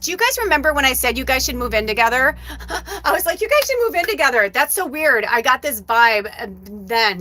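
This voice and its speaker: High-pitched and heard over slight background noise, this psychic medium hosts a livestream and shares a personal story. She talks frankly, with lots of profanity and animated energy.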